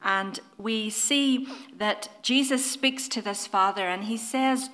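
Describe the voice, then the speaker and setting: A woman preaching a sermon in an earnest, gentle way, often putting questions to her listeners. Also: on the high side, slow, hardly any pauses.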